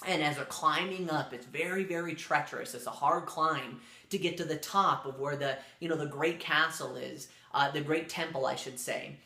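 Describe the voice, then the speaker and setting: A man's voice: on the high side, moderate pace, hardly any pauses, pushed and bright. Man telling a story in an echoey room. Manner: loose and rambling, many fillers and restarts. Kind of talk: casual spoken storytelling.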